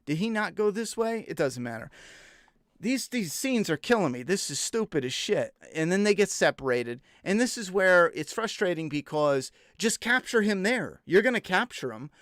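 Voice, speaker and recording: Swearing freely, a young man who reviews television vents his exasperation and disbelief over an episode. He has a high-pitched, sing-song voice with a fairly bright tone and a moderate pace, recorded cleanly in a studio with no echo.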